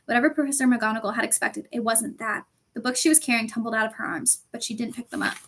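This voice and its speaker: Woman reading a kids' book out loud, calm and steady, slightly high voice. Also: fast talker, slight background noise. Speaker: audiobook reader. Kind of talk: storybook narration.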